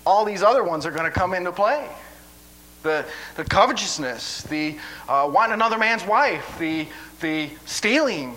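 A man delivering a sermon in a high, bright voice. He talks in a folksy, rambling way, repeating words as he restarts his sentences. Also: a little hiss or hum, poor audio. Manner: stammering restarts, folksy asides. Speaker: preacher.

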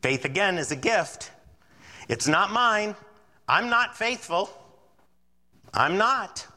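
In a large hall, a pastor with a high-pitched voice preaches slowly and with animation. Along the way he acts out the voices of doubters and worriers.

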